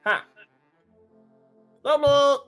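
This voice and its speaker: A game master voicing a tiny, boastful male frog who runs a circus and announces his acts in loud, sing-song ringmaster patter. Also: high-pitched, extremely slow, soft background music, voice pushed up, full character voice. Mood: gleeful.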